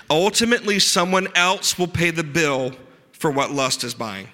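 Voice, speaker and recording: A man with a fairly high, bright and forceful voice preaches a sermon, earnest but slipping in dry asides. He slows down to press on key words. His voice rings out with a long reverb, as in a large hall. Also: lively intonation. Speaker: pastor.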